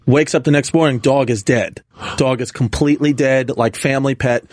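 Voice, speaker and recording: A man's voice: mid-range voice, moderate pace, no echo, studio quality. A man telling a funny childhood story on a podcast, acting out what people said. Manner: excited, acts out quotes. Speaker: comedian guest.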